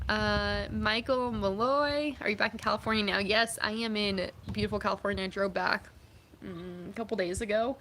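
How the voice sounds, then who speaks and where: A woman's voice: mid-range voice, normal speed, a bit bright, slight background noise. A young woman vlogging, chatting casually and reading out viewer comments, upbeat and full of fillers. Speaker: vlogger and athlete.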